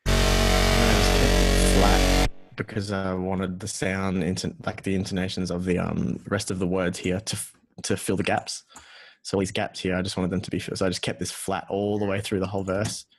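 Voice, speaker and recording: A man's voice: deep voice, flat delivery, normal speed. Australian man, producer, casual and rambling, self-deprecating, music in the background. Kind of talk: casual walkthrough of a music session. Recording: music playing behind the voice.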